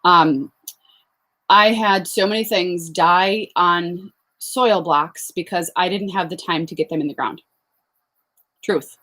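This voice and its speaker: A woman's voice: on the low side, slow, a bit bright. Chatty woman hosting a live farm Q&A. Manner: chatty, laughs often, many fillers and asides to viewers. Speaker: flower farmer hosting a live Q&A. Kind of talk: casual live-stream chat reading viewer comments. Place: outdoors on a farm.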